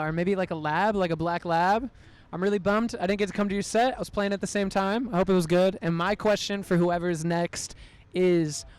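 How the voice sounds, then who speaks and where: A man's voice: high-pitched, clear, resonant tone. A man answering and asking questions in a casual festival interview, friendly and playful. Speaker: musician.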